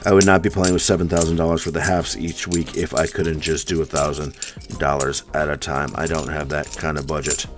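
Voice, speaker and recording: A man's voice: extremely low pitch, little pitch movement, a little fast, over music. A man from the US East Coast hosting a casual live stream, chatting and answering viewer comments one by one. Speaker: coin roll hunting live streamer.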